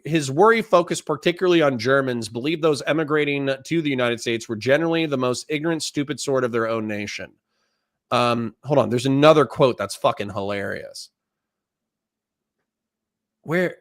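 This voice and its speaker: A man's voice: mid-range voice, normal speed, fairly bright tone, no echo, studio quality. A young man hosting a livestream, reading old quotes aloud and ranting with profanity and rhetorical questions. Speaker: host. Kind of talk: livestream commentary.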